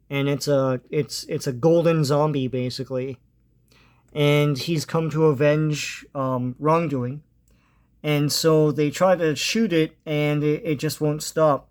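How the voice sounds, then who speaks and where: A man casually retells a comic book plot in a slightly high voice. He hesitates often, filling gaps with ums and uhs, and chuckles now and then. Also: smooth.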